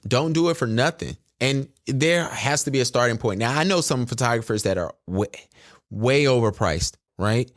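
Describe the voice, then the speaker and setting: A man's voice: mid-range voice, moderate pace, dry recording. Chatty man telling a story, dry sound. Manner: animated, chatty, addresses listeners as y'all. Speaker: guest photographer. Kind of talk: casual storytelling on a podcast.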